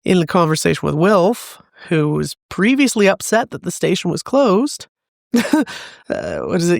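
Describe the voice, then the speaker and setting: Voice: medium pitch, very animated, measured pace, gravelly, dry recording, studio quality. A podcast co-host chatting casually about a novel and reading passages aloud with a laugh. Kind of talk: casual book discussion.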